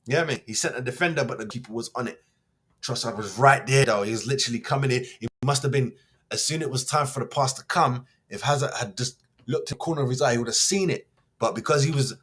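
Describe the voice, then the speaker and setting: A man's voice: mid-range voice, fast, fairly bright tone, husky. A man hosts a show, reading a news piece aloud and then ranting in a heated, slangy, mocking way. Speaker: host.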